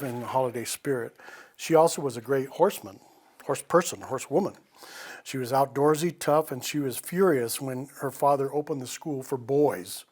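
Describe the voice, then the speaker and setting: A man's voice: medium pitch, darkish tone. A man telling holiday stories and reading poetry aloud, reflective and rambling, with restarts. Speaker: storyteller. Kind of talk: live storytelling and poetry reading.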